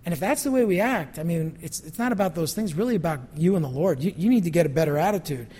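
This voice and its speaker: A male pastor preaching a sermon, animated, with mocking quoted asides. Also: fairly high pitch, fast, breathy edge, long reverb tail. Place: church sanctuary.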